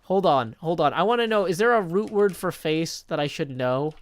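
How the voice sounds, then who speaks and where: A man chatting casually on a live stream, reading viewer messages aloud and thinking out loud as he goes. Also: on the high side, expressive, normal speed, no room sound.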